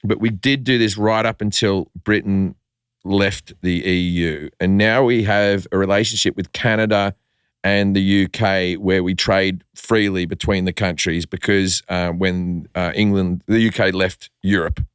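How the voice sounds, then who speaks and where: A man's voice: low voice, measured pace, clean tone, no echo, clean studio sound. A middle-aged Australian man with an Australian accent, a comedian telling stories in casual podcast chat and swearing freely. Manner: animated storytelling, swears freely. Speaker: comedian guest.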